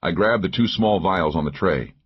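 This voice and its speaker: Man, audiobook narrator, first-person thriller, steady, measured, dull lo-fi sound. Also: low-pitched, slightly rough.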